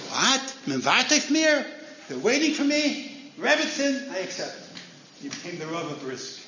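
A man's voice: sits high, pushed and bright, reverberant, lo-fi sound, a little hiss or hum. A man giving a Torah lecture as a rabbi, telling stories and acting out the characters' lines with sudden rises in voice.

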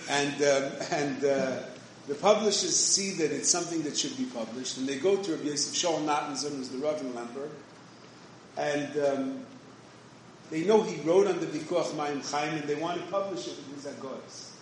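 A man with a somewhat high voice speaks at a normal pace, delivering a conversational yeshivish Torah shiur full of restarts and Hebrew and Yiddish terms. The room is very echoey, with faint background noise.

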